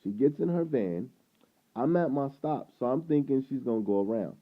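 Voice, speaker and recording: A man talks straight to camera in an easy vlog style, winding through a story and slipping into the voices of the people in it. His voice sits at an ordinary pitch. The sound is narrow and tinny, like a phone line. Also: normal speed. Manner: rambling, animated retelling with quoted dialogue. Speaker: vlogger.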